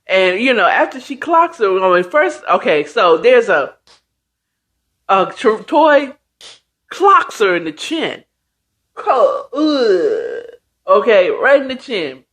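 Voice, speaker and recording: Brief: woman host, casual slangy story recap, unhurried delivery, pitch jumping around a lot. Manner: chatty, slangy, animated retelling with asides. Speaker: host retelling a book.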